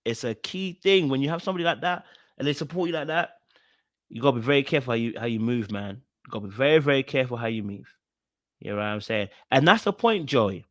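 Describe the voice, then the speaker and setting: A man giving casual commentary on a reality show, animated and full of fillers and restarts as he repeats his points. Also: mid-range voice, fast, no echo, clean studio sound. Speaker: reaction video host.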